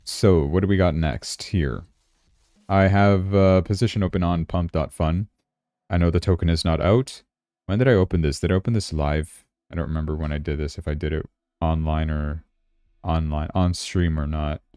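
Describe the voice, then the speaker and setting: A man's voice: sits low, steady tone, moderate pace, dark tone, clean tone, dry recording, clean studio sound. A man hosting a casual crypto livestream, chatting and thinking aloud as he checks his charts, sounding tired. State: yawning, tired.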